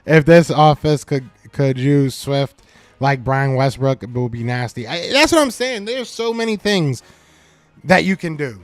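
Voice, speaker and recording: A man's voice: a little high, unhurried, no room sound. A man hosting a sports talk live stream, answering his chat with teasing jabs that he repeats several times. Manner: animated, talks back to chat commenters. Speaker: podcast host.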